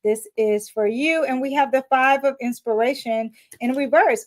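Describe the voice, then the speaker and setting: A woman's voice: high voice, moderate pace. A woman giving a casual weekly astrology and tarot reading, chatty and emphatic, often checking in with her viewers.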